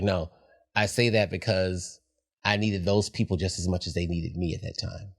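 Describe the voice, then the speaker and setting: A man's voice: low voice, fairly even intonation, unhurried. A middle-aged man, a podcast guest, talking candidly in a reflective, heartfelt way. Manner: reflective, heartfelt, soft-spoken at times.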